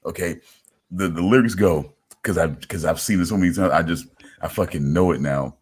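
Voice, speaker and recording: A man with a very low voice talks loosely in a casual podcast chat. He rambles, restarts often and leans on "you know what I'm saying". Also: a little fast, slightly rough. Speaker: podcast host.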